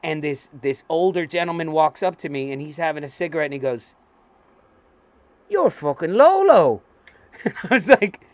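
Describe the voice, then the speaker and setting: An excitable man co-hosting a casual chat show, spinning stories full of swearing and acted-out quotes. His voice sits a little high, and the sound is dry and close with no room echo. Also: a little fast. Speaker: co-host. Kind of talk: casual chat, animated storytelling.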